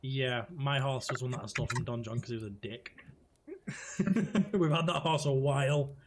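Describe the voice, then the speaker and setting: A man's voice: medium pitch, normal speed, background noise. Easygoing man playing a character. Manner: describes his character's actions in first person. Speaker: player. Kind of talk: casual tabletop play.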